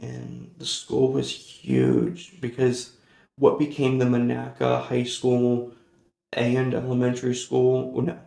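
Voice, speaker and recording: A man's voice: mid-range voice, vocal fry, warm tone. A man hosting a personal storytelling podcast, rambling and correcting himself as he goes, laughing often. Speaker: podcast host. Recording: roomy echoey recording.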